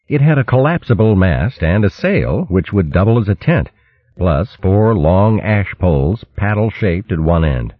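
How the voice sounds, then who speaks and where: A man narrating a storybook in an even, measured reading. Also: low voice, breathy edge, no room sound, phone-quality sound. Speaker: audiobook narrator.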